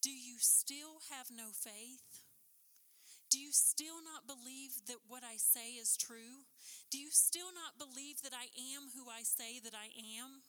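A woman preaching a sermon in a high, very bright voice. She swings from impassioned, pressing questions to hushed, intense emphasis. Her words ring out with a long reverb through a chapel. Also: unhurried.

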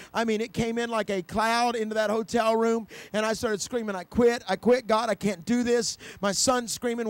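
Middle-aged male preacher, high voice, dry close sound, storytelling sermon that swells into fervent shouting. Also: no room sound. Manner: storytelling preacher, builds to loud passionate climax.

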